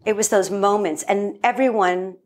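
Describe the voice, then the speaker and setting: A woman's voice: medium pitch, steady tone, normal speed, darkish tone. A woman, a guest filmmaker, tells family stories in a casual interview and acts out the quotes.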